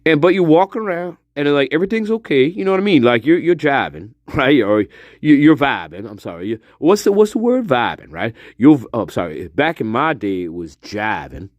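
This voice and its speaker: A man's voice: medium pitch, very animated, a little fast, no echo, pitched below the performer's own voice, lightly acted. A man doing a drawling old spirit voice. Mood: mocking. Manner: drawling, profane, teasing. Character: old male spirit mocking the host.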